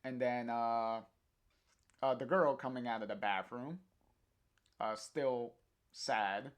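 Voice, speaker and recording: A man's voice: medium pitch, fairly even intonation, takes it slowly. A man reading a comic aloud on a stream, narrating the panels hesitantly with many fillers.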